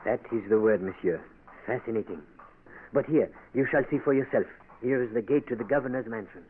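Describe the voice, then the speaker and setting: A man's voice: mid-range voice, fairly quick, close to an everyday voice. An actor playing a cynical, French-educated male doctor, suave and ironic, in a 1940s radio drama. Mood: sardonic. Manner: suave, ironic, keeps saying monsieur. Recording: tinny old radio broadcast with faint hiss.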